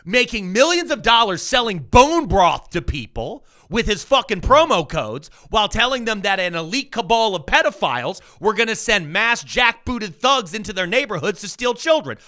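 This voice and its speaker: A man co-hosting a podcast, ranting angrily and swearing a lot as he swings between loud outbursts and low mutters. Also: big pitch swings, normal speed, few pauses. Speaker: podcast co-host. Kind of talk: heated political rant.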